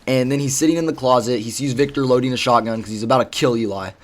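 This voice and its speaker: A man's voice: mid-range voice, fast talker. A man casually retelling a story, rambling with lots of fillers and swearing. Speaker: vlogger.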